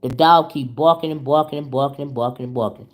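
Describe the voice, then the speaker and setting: A woman's voice: extremely low pitch, fast. A woman, chatting animatedly to her viewers as she tells a story on her vlog. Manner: animated, chatty, calls audience "y'all" and "child". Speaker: YouTube commentary host. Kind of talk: casual storytelling chat.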